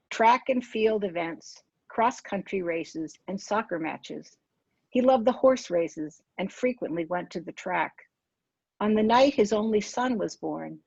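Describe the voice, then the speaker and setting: A woman in her sixties, an author reading her own memoir aloud in a measured, unhurried way, now and then correcting a small slip. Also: mid-range voice, creaky, husky, no room sound, muffled recording.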